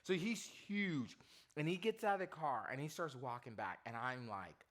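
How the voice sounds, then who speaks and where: A man preaching to students as their youth pastor, telling a comic story in an animated way and quizzing the audience. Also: medium pitch, normal speed.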